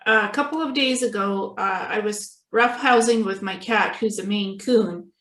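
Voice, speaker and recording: A woman's voice: mid-range voice, measured pace, a bit bright. A woman hosting an interview, talking in a chatty, personal way. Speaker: interview host. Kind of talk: conversational interview. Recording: roomy echo.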